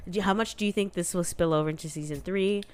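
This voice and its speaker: A woman's voice: fairly low pitch, quick pace, a little hiss or hum. A woman co-hosting a podcast, gushing and ranting in casual chat about a TV series, full of "like" fillers. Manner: gushing and animated, rants, many "like" fillers. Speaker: podcast co-host.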